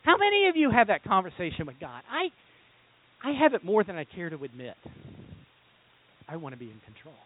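A man preaching a sermon as pastor, animated and throwing rhetorical questions at his congregation. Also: sits high, a little fast, long pauses. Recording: tinny phone-like sound.

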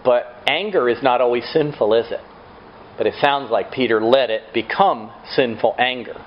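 A man's voice: medium pitch, moderate pace, muffled recording, a little hiss or hum. A man preaching a sermon, asking rhetorical questions and acting out quotes. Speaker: pastor.

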